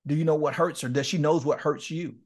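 A man's voice: on the high side, fairly even intonation, a little fast. A middle-aged man, a guest speaker, telling candid stories in an interview, laughing often and acting out quoted dialogue. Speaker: guest speaker and men's ministry leader. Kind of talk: candid storytelling in a podcast interview.

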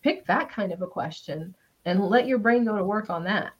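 A woman's voice: mid-range voice, animated, moderate pace, breathy edge. A woman talking in a casual coaching chat, emphatic, acting out quoted thoughts in a raised voice. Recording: slightly dull lo-fi sound.

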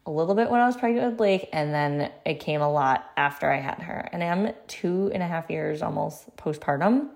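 A woman in her thirties talks through her podcast in a relaxed, chatty way, her voice sitting a little lower than most. She keeps it conversational, with loose phrasing and light laughs mixed in. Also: normal speed, creaky, hardly any pauses. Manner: laughs lightly while talking. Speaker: podcast host. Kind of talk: casual solo podcast talk.

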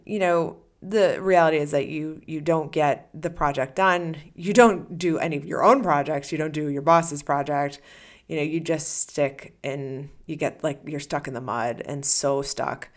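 A woman's voice: low-pitched, a little slow. A woman hosting a solo podcast as a coach, talking casually and animatedly, acting out the listener's inner voice.

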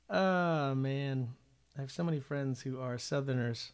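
A man's voice: mid-range voice, slow pace, pauses often, clean tone. A man hosting a weekly worship livestream, talking in a casual, upbeat way with plenty of ums and uhs.

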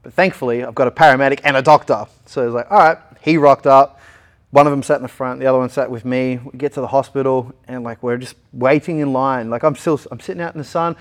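A man's voice: mid-range voice, fast. A young Australian man telling a long personal story in a casual interview, acting out the lines of the people in it. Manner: animated retelling, acting out other people's lines. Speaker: interview guest.

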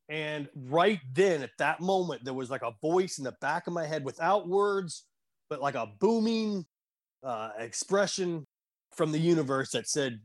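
Earnest man, somewhat high voice, halting, emotional storytelling. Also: lively intonation. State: choked up at times. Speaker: guest. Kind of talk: personal storytelling in conversation.

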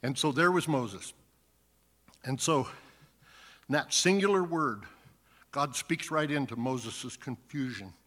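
A man's voice: medium pitch, slow pace, pauses often, a bit bright. A man preaching a sermon, reading scripture aloud and then earnestly explaining it. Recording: long hall reverb.

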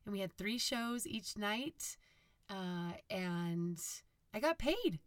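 A woman from Utah with a low, raspy, husky voice, chatting casually on her own podcast and rambling with fillers and self-corrections. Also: expressive, slow pace, dry recording. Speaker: podcast host. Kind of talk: casual solo podcast monologue.

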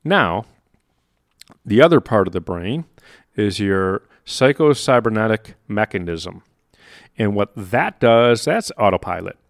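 A podcast host with a medium-pitched voice gives a solo motivational talk, speaking animatedly, acting out inner voices, and laughing at himself now and then. The sound is clean studio audio with no room sound.

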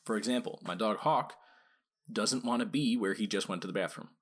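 A man with a somewhat low voice talks casually into a podcast mic about training dogs. He keeps tossing rhetorical questions at his listeners and slips in quick acted-out quotes. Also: husky. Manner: conversational, asks rhetorical questions, acts out quick quoted lines. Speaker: podcast host and dog trainer.

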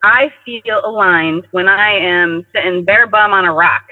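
A guest with a strikingly high male voice shares personal anecdotes in a lively, casual conversational style, imitating the voices of the people he quotes. He talks a little slowly, and the audio sounds thin and phone-like, with a long echoing tail and a dry edge.

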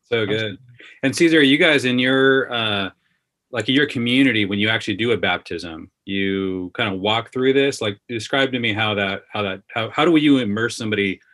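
A man with a somewhat low voice hosts an interview. He asks loose, casual questions full of fillers. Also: moderate pace, fairly bright tone. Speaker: podcast host. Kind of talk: interview questions and brief affirmations.

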